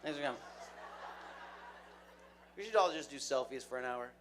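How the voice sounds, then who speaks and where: A man bantering playfully and excitably on a live fan convention panel. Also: mid-range voice, normal speed, background noise.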